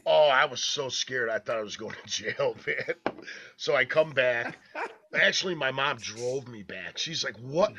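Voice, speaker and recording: A man's voice: mid-range voice, expressive, unhurried, sharp tone, slight background noise. A man co-hosting a podcast, telling a story in a rambling, casual way, swearing freely and laughing as he goes. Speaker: podcast co-host. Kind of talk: casual storytelling among friends. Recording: dull lo-fi podcast audio.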